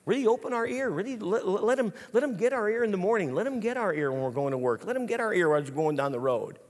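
A man preaching an animated sermon, telling stories in a lively, casual way. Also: high-pitched, fast talker. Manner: lively, storytelling, casual slang. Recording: long hall reverb.

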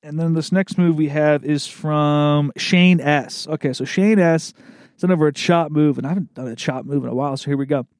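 A man's voice: fairly high pitch, moderate pace, a little mellow, no echo, clean studio sound. A man hosting a podcast in casual chat. He talks loosely, swears often and laughs a lot. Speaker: podcast host.

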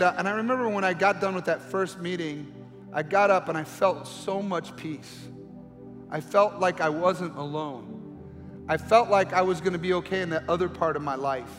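A middle-aged male pastor with a notably high voice, preaching through personal storytelling that swells into impassioned pleas. His sermon rings with a long reverb, as though he is in a large church sanctuary. Soft music sits faintly underneath him.

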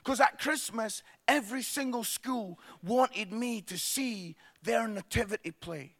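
A man's voice: very high voice, unhurried, fairly bright tone. A man telling funny stories to an audience, acting out the characters and laughing along. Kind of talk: comic storytelling to an audience.

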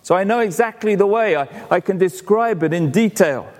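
A man's voice: high-pitched, lively intonation, moderate pace, long reverb tail. A man preaching a sermon as a pastor, in a chatty storytelling way, often repeating words.

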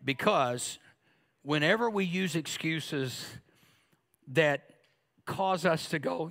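A man's voice: a little high, animated, a little slow, long pauses, a bit bright. A man in his fifties preaching a sermon, joking and acting out little asides in a conversational way. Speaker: pastor.

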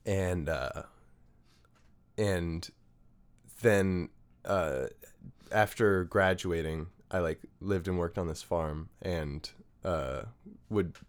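A young man with a very deep, smooth, clear voice, talking as a guest on a podcast. He rambles loosely, fills his sentences with "like" and restarts, and chuckles between thoughts. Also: very slow, pauses often. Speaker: guest musician. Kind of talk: casual podcast interview.

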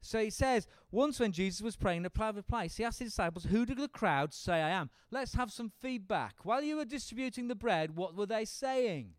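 A man teaching a Bible seminar, animated and acting out the speakers in the story. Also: sits high, brisk, hardly any pauses, no echo. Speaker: preacher leading a seminar. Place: seminar room with an audience.

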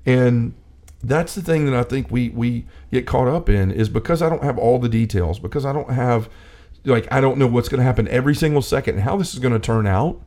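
A man co-hosting a casual faith talk, speaking with animated energy and often acting out quotes. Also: medium pitch, brisk. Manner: animated, acts out quotes, many restarts. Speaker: co-host.

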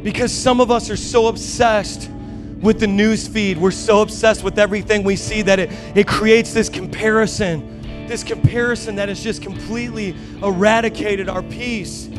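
A man preaching a sermon as pastor, building to shouted, rising emphasis. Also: high-pitched, fairly even intonation, moderate pace, over music.

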